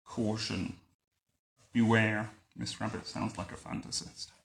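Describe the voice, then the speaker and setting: A man reading a picture book aloud to a child at home, adding wry, deadpan comments between the lines. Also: lowish voice, a little slow, vocal fry, slight background noise. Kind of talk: bedtime story reading with joking asides. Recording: roomy echo.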